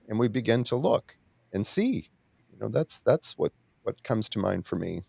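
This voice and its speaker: A man's voice: fairly low pitch, sing-song, creaky, slightly rough, no room sound. Reflective male host, dry close sound. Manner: reflective, halting. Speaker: podcast host. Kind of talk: casual chat.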